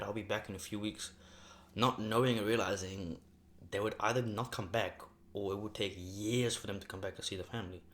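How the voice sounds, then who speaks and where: A young man rambles casually through a mukbang vlog, swearing freely. His voice is mid-range with a fairly bright tone. He records in a sparsely furnished room at home that he says echoes.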